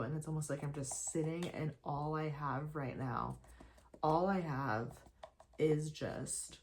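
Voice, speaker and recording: A woman's voice: deep voice, fairly even intonation, measured pace, a little mellow, a little hiss or hum. A young woman chatting casually while getting ready, talking about faith and surrender, with lots of restarts and fillers. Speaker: faith vlogger. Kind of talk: casual get-ready-with-me chat. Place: at home.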